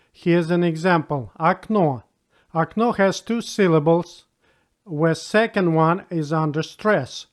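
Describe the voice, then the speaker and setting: Guy teaching a beginner lesson, slightly high voice, talks slow and patient. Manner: patient, spells out rules and repeats example words. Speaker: language teacher. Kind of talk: slow spoken language lesson.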